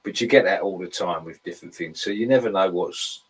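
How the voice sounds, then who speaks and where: A man with an Essex accent, calmly explaining things in a casual talk. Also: low-pitched, fairly quick, husky, rough recording. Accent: Essex English. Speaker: podcast co-host. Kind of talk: casual conversation.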